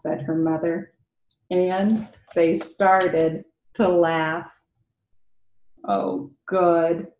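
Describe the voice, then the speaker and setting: A woman reading a picture book aloud to children, expressive and pausing to ask them questions. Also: on the low side, a little hiss or hum. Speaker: read-aloud storyteller for children. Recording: echoey room.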